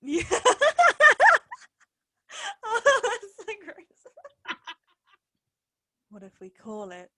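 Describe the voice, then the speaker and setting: A woman's voice: very high voice, huge pitch swings, drawn-out words, long pauses, fairly bright tone. A woman co-hosting a casual podcast chat. She is playful and teasing and laughs often. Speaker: podcast co-host.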